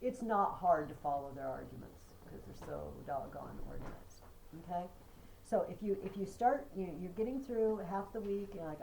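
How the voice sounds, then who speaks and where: A woman's voice: low-pitched, animated, fairly quick, vocal fry, dark tone, a little hiss or hum, rough recording. A woman teacher giving a chatty classroom lesson, chanting poetry rhythms aloud. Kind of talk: classroom lecture.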